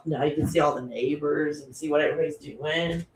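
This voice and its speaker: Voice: mid-range voice, steady tone, brisk, hardly any pauses. A live-stream host in a home room talking casually, blunt and profane, often laughing and getting worked up. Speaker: livestream host. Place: home room with a dog nearby. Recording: echoey room.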